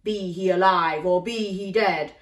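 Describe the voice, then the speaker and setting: Woman doing a booming storybook giant. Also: measured pace, close to an everyday voice. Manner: loud, bellowing chant. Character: booming stinky-hating male giant. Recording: roomy, slightly distant mic.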